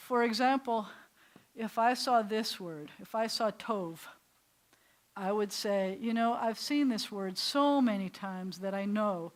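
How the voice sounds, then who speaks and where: Speaking a little slowly at a middle pitch, an older woman with a New York accent teaches Hebrew in a synagogue classroom. Her talk is chatty and wandering, full of easy laughter.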